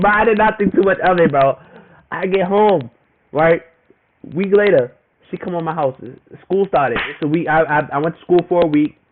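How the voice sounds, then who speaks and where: A young man with a fairly high voice rambles through a personal story in heavy slang and circles back over the same phrases. His voice pops up high when he quotes people. The sound is thin and phone-like, with a faint hiss under it. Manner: rambling and repetitive, slangy, animated when quoting others. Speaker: vlogger telling a personal story. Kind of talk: casual storytime monologue. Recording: tinny phone-like audio with faint noise.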